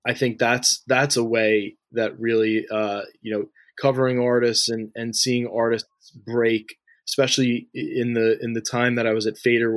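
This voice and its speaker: Man with a flat, chatty delivery. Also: medium pitch, no echo. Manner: loose and talky, heavy on fillers like "you know" and "like", frequent restarts. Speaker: interview guest, music industry figure. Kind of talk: conversational interview answers.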